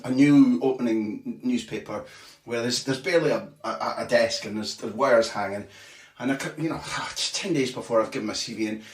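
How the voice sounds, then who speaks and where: Calling in remotely from a small home bathroom, a man who covers football recounts a story in a mid-range voice, cursing liberally, starting sentences over and performing other people's quotes with animation. The mic is distant, picking up an echoey small room.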